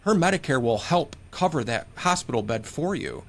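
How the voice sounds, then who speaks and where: A man's voice: fairly high pitch, big pitch swings, moderate pace. A man from Michigan, a guest on a care podcast, telling stories and giving earnest advice in a conversational interview. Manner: earnest, storytelling with quoted advice. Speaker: podcast guest, home care case manager.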